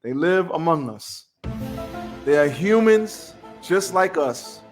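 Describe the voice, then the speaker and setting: A man's voice: on the high side, expressive, takes it slowly, soft background music. A man co-hosting a podcast, telling stories in a laid-back, slangy way. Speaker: podcast co-host. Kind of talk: casual chat, storytelling. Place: home studio on camera.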